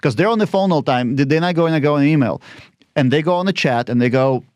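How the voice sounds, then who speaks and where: A man, a lawyer guesting on a podcast, telling quick stories and acting out the client dialogue himself. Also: fairly high pitch, darkish tone, dry recording, clean studio sound. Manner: quick storytelling that acts out phone calls and client dialogue. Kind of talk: casual interview talk.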